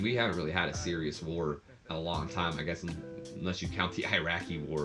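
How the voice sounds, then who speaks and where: A man with a fairly low voice talks through a casual review as the channel host. He rambles and chats freely, full of fillers and occasional laughter. Faint music sits underneath. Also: a bit bright.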